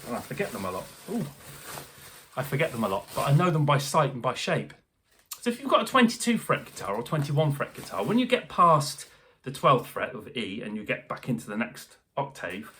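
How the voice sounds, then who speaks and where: A man's voice: mid-range voice, a bit bright. A man chatting casually through a guitar unboxing review, with jokey asides to the viewer.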